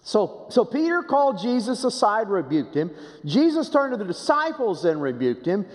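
A man preaching a sermon as pastor, swinging dramatically from hushed low phrases to raised, emphatic ones and repeating rhetorical questions. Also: sing-song, moderate pace, big-room sound.

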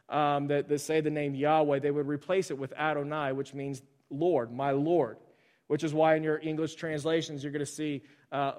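Lively conversational male pastor preaching. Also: on the high side. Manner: conversational, with many fillers and restarts; animated storyteller. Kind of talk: sermon.

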